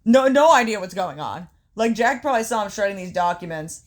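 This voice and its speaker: A woman co-hosting a casual podcast, swearing constantly as she tells a story in an animated way. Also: mid-range voice, fairly quick. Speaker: podcast co-host. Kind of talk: casual chat recapping wrestling.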